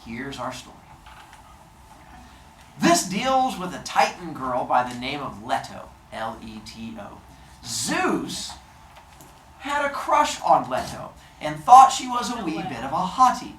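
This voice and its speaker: A male teacher telling myths to his class in an animated, jokey way, full of voices. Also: a little high, slow, slight background noise. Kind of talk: classroom storytelling. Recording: echoey classroom from far off.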